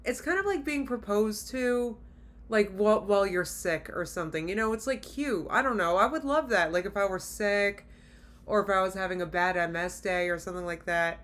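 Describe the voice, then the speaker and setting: A woman's voice: mid-range voice, moderate pace, fairly bright tone. Exasperated woman reacting to a video. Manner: exasperated, blunt, talks straight to viewers. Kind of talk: casual reaction commentary.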